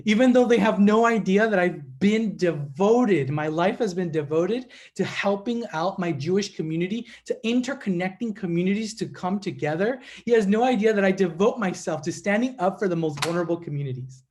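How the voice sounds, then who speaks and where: A man giving a speech to a congregation as a guest speaker, telling stories in an animated way and calling the audience his friends. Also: sits high, normal speed, few pauses.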